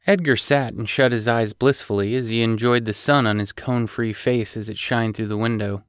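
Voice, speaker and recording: A man narrating an audiobook in an even, matter-of-fact way. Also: lowish voice, normal speed, hardly any pauses, clear, resonant tone, no echo, studio quality. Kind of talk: scripted narration.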